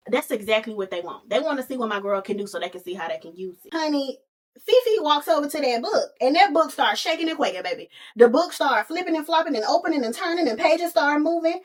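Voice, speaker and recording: Animated, sassy woman podcast host. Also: high-pitched, fast talker. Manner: animated, sassy, calls listeners honey and baby. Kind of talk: casual movie recap.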